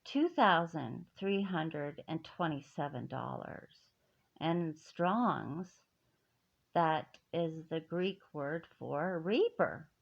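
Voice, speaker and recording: A woman's voice: low-pitched, animated, slow pace, vocal fry. A middle-aged woman telling a personal grievance in an emphatic, indignant way, with many restarts. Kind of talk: personal story, speaking to camera. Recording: dull lo-fi audio.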